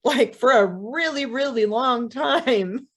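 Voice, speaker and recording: A woman's voice: a little high, slow, a bit bright, voice pushed up. A woman voicing a friendly, persistent male crow who talks in a casual, amused way.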